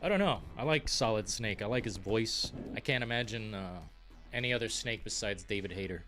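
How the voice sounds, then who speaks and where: Excitable, swearing young gaming host. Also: male voice, lowish voice, a little fast, soft background music. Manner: excitable, profane and rambling. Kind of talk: casual live-stream chat, reading viewer comments.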